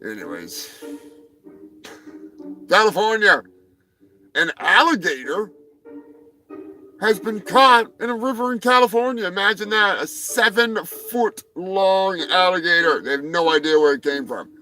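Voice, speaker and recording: A man hosting a live stream, riffing on animal news in a rambling, profane, jokey way, swinging between loud outbursts and muttered asides. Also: high-pitched, animated, measured pace, long pauses, faint music behind, poor audio. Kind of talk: profane comedic news rant.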